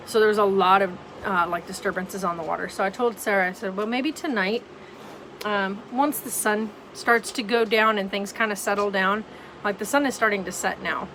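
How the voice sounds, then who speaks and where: A woman's voice: mid-range voice, steady tone, moderate pace, a bit bright, slight background noise, low-quality recording. A tired, yawning woman vlogging casually from home, rambling with lots of ums. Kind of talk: casual vlog chat.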